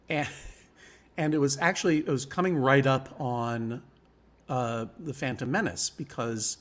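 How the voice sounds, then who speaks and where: Wry rambling man telling stories. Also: mid-range voice. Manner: wry, rambling storyteller with frequent laughs. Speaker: guest. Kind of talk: casual live chat.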